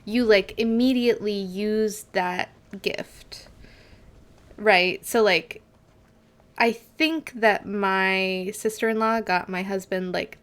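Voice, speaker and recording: A woman streams a game from home and chats casually into a desk mic. She talks at an unhurried pace and wanders off into stories, padding her talk with "like" and "um". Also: mid-range voice. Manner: rambling, filler-heavy storytelling. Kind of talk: casual live game commentary.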